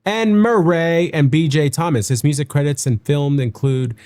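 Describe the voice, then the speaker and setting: A man's voice: on the high side, normal speed, a little mellow. Chatty young man reading notes aloud. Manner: chatty, self-correcting, stumbles over names. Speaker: reaction video host. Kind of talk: casual reaction commentary, reading notes aloud.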